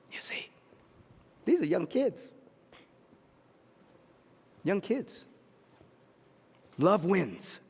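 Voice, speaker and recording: A man preaching a sermon as a pastor, telling stories in an animated way and swinging between loud and hushed delivery. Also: on the high side, husky, in a large hall.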